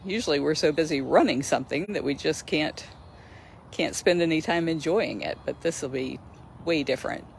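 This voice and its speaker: A woman's voice: low-pitched, moderate pace, vocal fry, slight background noise. A woman hosting a casual livestream outdoors near a lake, chatty and enthusiastic, laughing often as she talks into her phone. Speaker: host of a sanctuary livestream. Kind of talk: casual live-stream chat.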